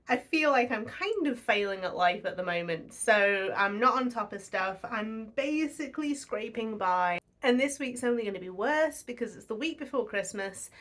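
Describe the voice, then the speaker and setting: Brief: woman, 30s, bright higher-pitched chatty vlogger voice, self-deprecating and quick to laugh. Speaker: budgeting vlogger. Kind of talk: casual chat to camera.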